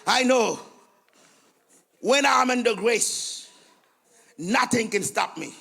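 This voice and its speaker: A high, raspy male voice with a Haitian accent, preaching a fervent sermon. He surges into shouts and chanted repetitions as he leads the congregation in prayer. His tone is bright and edgy, with a gravelly fry at the ends of phrases. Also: lively intonation, slow, long pauses. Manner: switches between English, French and Creole, chants repeated phrases. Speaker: pastor.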